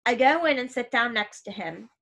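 A woman reads a first-person audiobook with a fairly high voice. Her storytelling is even and steady. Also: normal speed, gravelly. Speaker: audiobook narrator.

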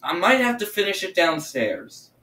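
A man's voice: high voice, very animated, normal speed, sharp tone, slight background noise. A man doing casual reaction commentary at home, nervous and stammering, repeating himself. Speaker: gaming YouTuber reacting to videos. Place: room at home. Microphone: laptop or earbuds mic. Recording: roomy, distant from the mic.

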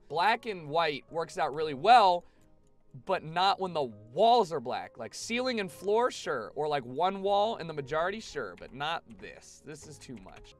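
A young man giving casual, chatty gameplay commentary to his live chat, swearing freely. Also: on the high side. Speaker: streamer.

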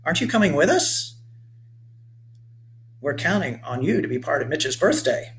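A bright, chatty aunt in a children's storybook, read aloud by a man who lifts his voice for her. She sounds encouraging and talkative, set against a faint steady hum. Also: on the high side, normal speed. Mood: coaxing. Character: cheerful middle-aged aunt visiting.

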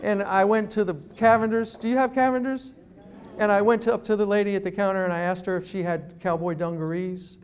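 High-voiced New man telling stories. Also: a little fast. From New York City. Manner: animated storytelling, self-deprecating. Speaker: guest speaker. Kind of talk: humorous public talk. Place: event room.

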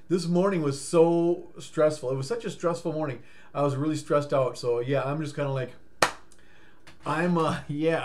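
Casual vlogger, male, tired, rambling and stammering, slightly high voice, goofy sing-song bursts. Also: darkish tone, a little hiss or hum. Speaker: life coach vlogger.

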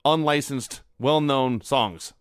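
A man in the middle pitch range, recapping casually on a podcast in a dry, matter-of-fact way. The sound is close and dead. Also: takes it slowly, smooth, no echo. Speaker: podcast co-host. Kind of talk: casual chat reviewing old wrestling.

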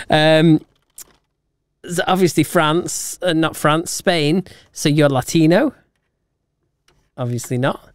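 Giggly podcast co-host, smooth voice. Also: medium pitch, no echo, clean studio sound. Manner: giggly, reads items out, quick laughing asides. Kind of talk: casual chat.

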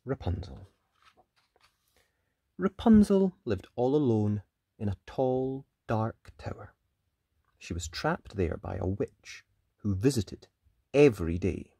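Slow, expressive read-aloud storyteller. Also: mid-range voice, husky, no echo, studio quality. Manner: expressive, with whispered sound effects.

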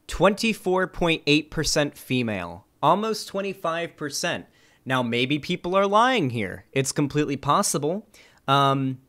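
A young man streaming, reading online comments aloud and reacting with casual, sarcastic commentary and frequent swearing. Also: mid-range voice. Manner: sarcastic, animated, swears freely.

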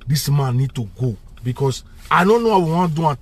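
Speaking a little fast with lively intonation, this male vlogger has a slightly high voice and a Nigerian Pidgin English accent. He goes on a fiery, repetitive political rant, alternating between Pidgin and English.

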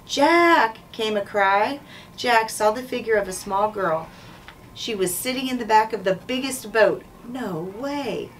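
A woman school principal reading a children's chapter book aloud in a clear, measured way. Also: medium pitch. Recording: distant mic, faint background noise.

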